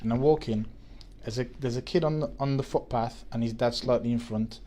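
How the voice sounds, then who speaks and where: A man's voice: mid-range voice, fairly quick, warm tone. A man, chatting on a podcast and telling a story with many restarts. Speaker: podcast co-host. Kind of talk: casual chat.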